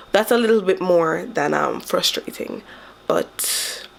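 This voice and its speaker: A young woman recording a casual video diary at home while sick, her voice stuffy and raspy, talking frankly and with exasperation. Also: on the low side, a bit bright. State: stuffy, hoarse from illness. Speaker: vlogger. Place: at home by a window.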